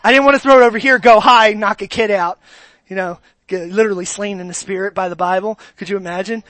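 Animated preacher with dry, close sound. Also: mid-range voice, fast talker, no echo. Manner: animated preaching, swings from quiet asides to loud exclamations; asks the congregation direct questions. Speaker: pastor. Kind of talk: sermon.

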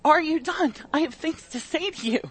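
A woman preacher voicing God as a stern male deity, asking pointed, impatient questions in a slightly lower voice. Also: big pitch swings, moderate pace, a bit bright, dry recording.

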